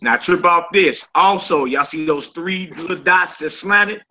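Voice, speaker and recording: A man's voice: fairly high pitch, unhurried, bright, forceful tone, rough recording. A man teaching a Hebrew class in an informal, conversational way, often checking in with his students. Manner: informal, repeats "you know what I'm saying".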